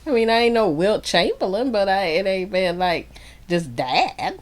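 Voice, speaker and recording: A woman's voice: medium pitch, lively intonation, moderate pace. A woman answering questions in a playful, slangy, casual way. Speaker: interviewee. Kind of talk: casual chat.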